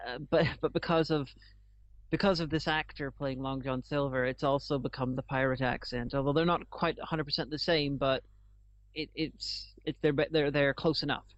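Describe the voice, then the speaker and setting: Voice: mid-range voice, steady tone, normal speed. Hesitant explainer on a lo-fi podcast. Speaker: podcast co-host. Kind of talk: casual chat. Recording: dull lo-fi podcast recording.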